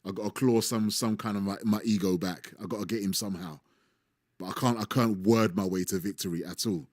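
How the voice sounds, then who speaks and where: A man with a British accent, a podcast guest joking around in quick, playful ribbing. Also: fairly low pitch, fairly even intonation, darkish tone, no echo, clean studio sound. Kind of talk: casual podcast chat.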